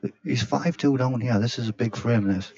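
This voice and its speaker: A man's voice: mid-range voice, moderate pace, vocal fry, darkish tone, lo-fi sound. A man from South Shields, co-commentating live on a pool match in a sports bar, using tag questions and calling people mate. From South Shields, England.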